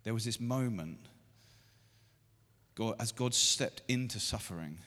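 A man in his thirties preaching a sermon to a church meeting, building to loud, emphatic repeated lines. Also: fairly low pitch, unhurried. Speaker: pastor. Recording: long hall reverb.

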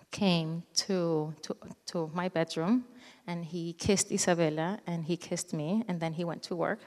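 A woman's voice: fairly low pitch, darkish tone. Earnest woman in a reverberant hall. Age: 30s. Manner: earnest, halting, with frequent restarts. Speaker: speaker giving a testimony. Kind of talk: personal faith testimony.

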